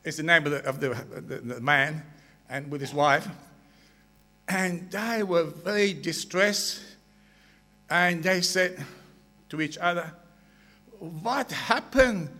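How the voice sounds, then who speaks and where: A man telling jokes to a crowd at a slow, drawn-out pace, laughing at his own punchlines. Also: on the high side, bright, forceful tone, in a large hall. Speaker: joke teller. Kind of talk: stand-up joke telling to a crowd.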